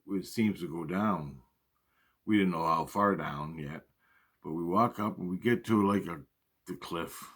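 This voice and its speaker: Deep-voiced man telling a rambling story. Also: fairly bright tone. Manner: rambling, profane, with restarts and repeated phrases. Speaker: storyteller recounting personal experiences. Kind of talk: casual storytelling.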